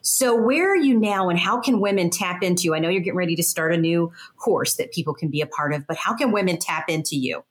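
A woman's voice: lowish voice, lively intonation, fairly quick, hardly any pauses. A woman hosting a podcast, interviewing her guest with enthusiasm. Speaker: podcast host.

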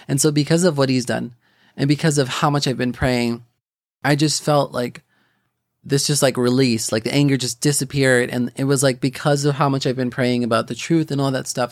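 Young guy, gravelly voice, middle pitch, talking about his faith in a halting, rambly way. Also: no room sound, studio quality. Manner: rambling, halting, many restarts and fillers. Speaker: podcast host. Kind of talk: personal faith testimony.

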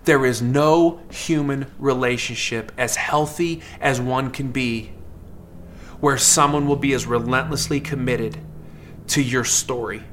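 A man preaching a sermon in a lively, conversational way, acting out characters in quick asides. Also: mid-range voice, slight background noise. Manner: animated, acts out characters in asides; fast, conversational preaching with many fillers. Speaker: pastor.

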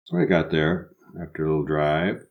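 A man's voice: a bass voice, moderate pace, vocal fry, muffled recording. An older man with a Midwestern American accent, co-hosting a podcast and telling stories in a teasing, theatrical way. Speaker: podcast co-host. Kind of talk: casual comic chat and storytelling.

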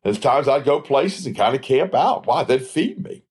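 A man's voice: mid-range voice, sing-song, normal speed, darkish tone, husky. A man preaching a Bible study in a sermon style, asking rhetorical questions and answering them himself. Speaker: preacher, former evangelist.

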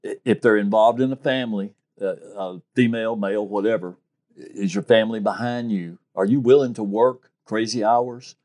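A low-voiced man recounts his cases as a private investigator in a relaxed interview. He tells his stories with energy and acts out the lines of the people in them. His delivery is lively and conversational. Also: moderate pace. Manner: animated storyteller, acts out quotes. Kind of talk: interview storytelling.

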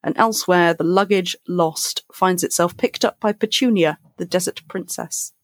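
A woman co-hosting a book podcast, recapping the plot in quick alliterative summaries and chatting casually. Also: lowish voice, dry recording, studio quality. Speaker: podcast co-host.

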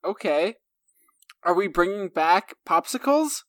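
A woman's voice: lowish voice, expressive, slow, a bit bright, no room sound. A woman co-hosting a casual podcast chat, giggly and self-mocking, stumbling as she reads aloud. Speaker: podcast co-host.

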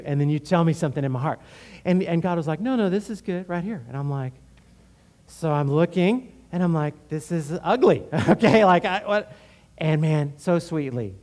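Animated conversational man preaching. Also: on the high side. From Houston, Texas. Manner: conversational, animated, frequent "right?". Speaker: pastor. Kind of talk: sermon with personal story.

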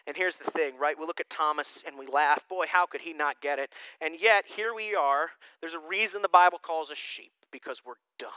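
A young man preaching a sermon to his congregation, joking and chatting in an animated, conversational way. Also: a little high, moderate pace, few pauses, clean tone, no echo, poor audio. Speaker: pastor.

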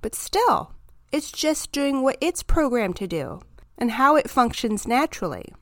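A woman hosting a self-help podcast, talking through her ideas in a calm, reflective, encouraging monologue. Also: on the high side, unhurried, no room sound, clean studio sound. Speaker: podcast host.

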